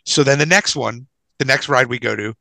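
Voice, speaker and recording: A young man telling a story in casual podcast chat, animated and swearing freely, acting out the people in his story. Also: mid-range voice, brisk, gravelly, no echo. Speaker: podcast co-host.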